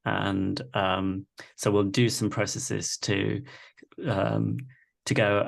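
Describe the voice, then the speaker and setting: A man's voice: lowish voice, takes it slowly, gravelly. A man leading a live online masterclass, talking reflectively and often checking in with "right?". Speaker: workshop facilitator. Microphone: video call.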